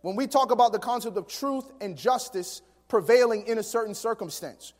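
A man with a high voice delivers a sermon, swinging between quiet storytelling and emphatic preaching. His voice carries a long reverb from a large hall. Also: moderate pace. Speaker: pastor.

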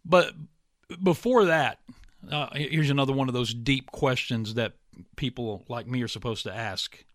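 A man in his late fifties with a bright, forward voice, recorded close and dry. He hosts a casual interview in a folksy, rambling way and pokes fun at himself along the way. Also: mid-range voice, measured pace, no echo. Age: 50s. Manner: folksy, chatty, self-deprecating humor. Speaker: host and baseball broadcaster.

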